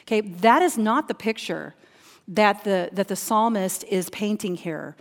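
A woman's voice: mid-range voice, animated, measured pace. A woman preaching a sermon, reading scripture aloud and then teaching from it, earnest and fond of repeating key phrases. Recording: long hall reverb.

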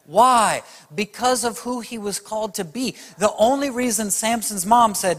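A man's voice: high voice, a little slow, hardly any pauses, a bit bright, long reverb tail. A man preaching a sermon, emphatic and speaking straight to his audience. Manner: emphatic, addresses the audience directly.

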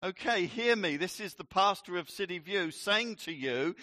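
A man preaching a sermon as a pastor, teaching in a slow, emphatic way with playful asides. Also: high-pitched, lively intonation, pushed and bright, no echo, clean studio sound.

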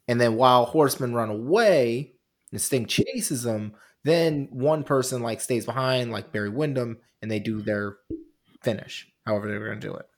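A man co-hosting a podcast, retelling events in a rambling, giggly way. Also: medium pitch. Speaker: podcast co-host. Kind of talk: casual wrestling chat.

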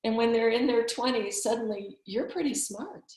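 A woman's voice: a little high, moderate pace, a little mellow. Earnest woman in an echoey room. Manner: earnest, encouraging, emphatic. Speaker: physician, summit speaker. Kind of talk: heartfelt conversational advice. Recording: roomy echo.

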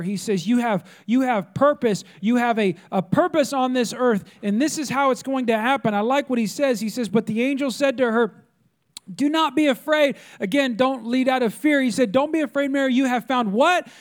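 A pastor preaching a sermon, emphatic and repetitive, calling out to the congregation. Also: male voice, high-pitched.

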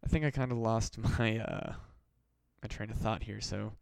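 A man with a lowish, gravelly voice hosts a solo podcast, speaking at a normal pace in a steady tone with no echo. He rambles through a casual rant, swearing and pleading with mock desperation.

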